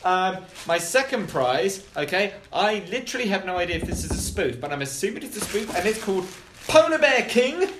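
A man's voice: high voice, very animated, fairly quick, noisy background. A man hosting a comedy panel podcast, rambling and swearing as he chats and laughs. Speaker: panel show host. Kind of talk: casual comedic podcast banter. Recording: roomy echo.

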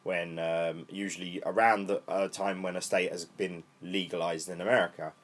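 A young British man co-hosting a casual podcast, rambling and swearing freely, his voice worn lower from smoking. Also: flat delivery, moderate pace. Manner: rambling, swears freely, laid-back stoner talk. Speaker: podcast co-host. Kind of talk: casual chat.

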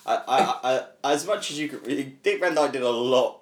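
A man's voice: mid-range voice, normal speed. A man hosting a comedy podcast, steering the segments with wry, dry remarks. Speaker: podcast host. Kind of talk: casual comedic podcast banter. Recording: echoey room.

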